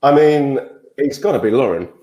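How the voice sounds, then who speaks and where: A man's voice: mid-range voice, lively intonation, moderate pace, mellow. A man answering fan questions as an actor guest on a panel, laid-back and joking, with frequent stammered restarts. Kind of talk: casual panel chat. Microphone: video call.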